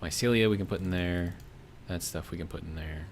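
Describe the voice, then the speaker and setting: Brisk and low-voiced, an American streamer chats casually about his game and reads viewer messages, rambling and thinking aloud with many fillers. Slight background noise runs behind him.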